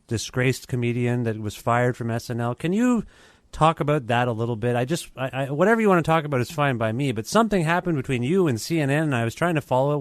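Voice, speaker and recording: A man hosting a podcast, reading a scripted intro and then asking halting, soft-spoken questions with restarts. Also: medium pitch, no room sound. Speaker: podcast host. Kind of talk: scripted intro and casual interview.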